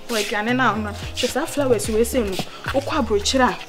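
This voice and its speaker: High-voiced Ghanaian woman, bossy and animated. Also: quick pace. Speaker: comedy actor. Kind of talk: skit dialogue. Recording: with loud music behind.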